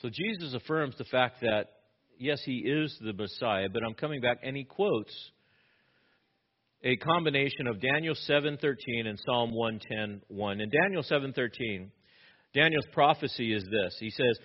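A man preaching an expository sermon, asking rhetorical questions and acting out quoted lines with sudden rises in pitch and loudness. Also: normal speed. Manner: animated, rhetorical questions, acts out quotes with rising pitch and volume. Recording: slightly dull lo-fi sound.

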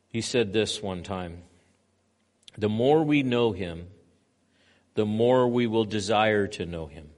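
A man pastor preaching a sermon, moving between loud emphatic stretches and quiet hushed passages. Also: mid-range voice.

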